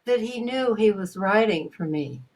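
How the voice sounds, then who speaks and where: Older woman telling lively anecdotes. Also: mid-range voice, normal speed, a little hiss or hum. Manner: animated, theatrical storyteller with many restarts. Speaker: guest voice actor. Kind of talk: casual interview storytelling.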